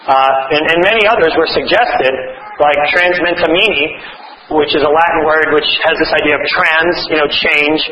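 A man's voice: fairly high pitch, moderate pace, sharp tone, a little hiss or hum. A man preaching a sermon to an audience in a hall, earnest, often restarting his words and adding wry asides. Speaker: preacher and author. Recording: roomy, slightly dull recording.

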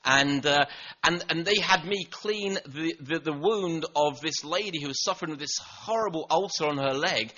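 Preacher, male, high bright voice, earnest, stumbling restarts, dull lo-fi recording. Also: moderate pace. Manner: earnest, repeats words when restarting. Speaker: pastor. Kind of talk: sermon.

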